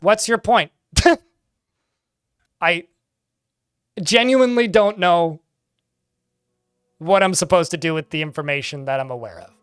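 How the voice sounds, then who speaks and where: A man's voice: high-pitched, slow, pauses often, fairly bright tone, clean tone, no echo. A young man streaming a game and chatting casually with his viewers, with a dry, sarcastic-sounding way of talking. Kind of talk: casual livestream chat while gaming.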